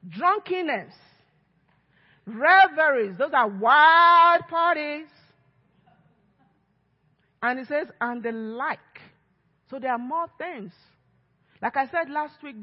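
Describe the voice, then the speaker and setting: A lead pastor with a high, husky voice preaches emphatically in her church sanctuary, performing the voices of those she quotes. The sound is echoey, dull, and lo-fi.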